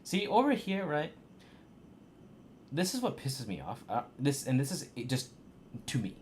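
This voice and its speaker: A man streaming a game and commenting, ranting and swearing in an animated way. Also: medium pitch, a little slow, a little hiss or hum. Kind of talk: let's play commentary.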